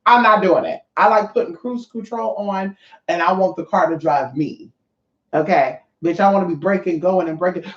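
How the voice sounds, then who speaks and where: A woman's voice: on the low side, moderate pace. A woman vlogger talking to her viewers in a brash, profane, rambling rant. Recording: roomy, dull lo-fi sound.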